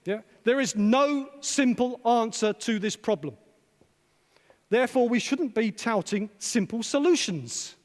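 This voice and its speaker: A man delivers a conference keynote in a hall with a long, ringing reverb. His voice sits high for a man, and he challenges the crowd with rhetorical questions. He repeats his key phrases for emphasis. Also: expressive, a little slow, darkish tone. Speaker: conference speaker, psychologist.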